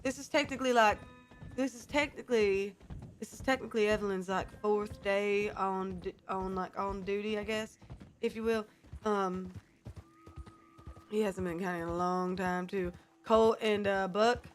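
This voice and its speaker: A woman's voice: mid-range voice, steady tone, moderate pace, faint music behind. A woman streamer chatting casually to her viewers, keeping up a put-on character accent, with lots of fillers.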